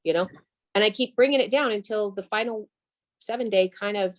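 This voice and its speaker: A woman's voice: mid-range voice, fairly quick. Matter-of-fact woman explaining a process. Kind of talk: casual meeting talk.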